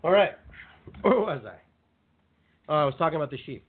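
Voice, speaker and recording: A man hosting a motivational spiritual talk show, speaking in an animated, conversational way and repeating phrases for emphasis. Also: fairly high pitch, a little fast, breathy edge. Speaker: radio show host. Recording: tinny phone-line sound.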